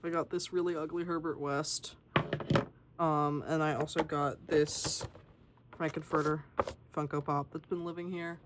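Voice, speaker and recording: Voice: mid-range voice, little pitch movement, a little slow, very noisy. A young adult artist giving a casual, rambling tour of a sketchbook and swearing freely along the way.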